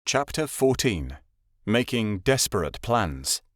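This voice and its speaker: A man's voice: on the low side, sing-song, takes it slowly, fairly bright tone, no echo, clean studio sound. Man narrating a fantasy audiobook.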